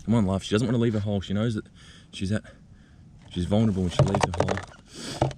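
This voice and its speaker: A man vlogging outdoors in the bush, talking gently and excitedly as he coaxes a spider out of its burrow. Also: fairly low pitch, quick pace, very noisy. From Australia. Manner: excited, gentle, coaxing, thinking aloud. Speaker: nature vlogger. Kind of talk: outdoor wildlife vlog, talking to camera. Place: outdoors in a bushland reserve.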